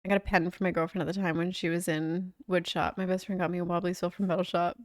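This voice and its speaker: A woman's voice: lowish voice, little pitch movement, quick pace, no echo. A young woman streamer chatting casually and relaxedly, with lots of "like" fillers. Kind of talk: casual livestream chat.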